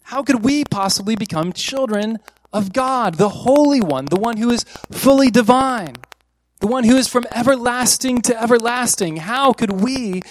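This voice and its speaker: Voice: mid-range voice, expressive, moderate pace, poor audio. A preacher giving an earnest sermon, repeating key phrases for emphasis and asking one rhetorical question after another.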